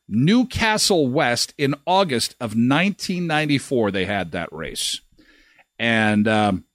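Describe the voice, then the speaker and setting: Animated laughing male show host. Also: mid-range voice, dry recording, clean studio sound. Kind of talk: live show commentary.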